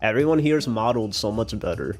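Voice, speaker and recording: A man streaming a game playthrough live, chatting in an excitable, rambling way. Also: on the low side, fast talker, soft background music.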